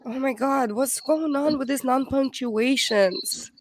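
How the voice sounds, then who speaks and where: A woman's voice: sits high, slow pace. Chatty woman livestream host. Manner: chatty, laughs easily, trips over words. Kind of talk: casual livestream chat, reading comments aloud.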